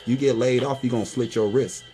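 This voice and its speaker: A man's voice: medium pitch, fairly even intonation, fairly quick, loud music behind the voice. A man in his forties giving a casual, profane monologue to his viewers, lecturing them and tagging lines with "boy" and "you know what I mean". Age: 40s.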